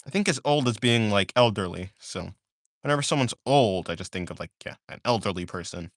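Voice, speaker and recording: A man's voice: on the low side, expressive, a little fast, no echo, clean studio sound. A young man chatting casually on a live art stream while he draws, rambling and drowsy, often trailing off into mumbles.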